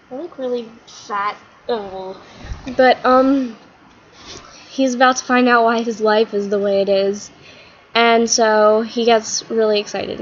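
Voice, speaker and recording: A woman vlogger telling a long, rambling story, chatty and full of "like" and "um". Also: a little high. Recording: slightly muffled with faint hiss.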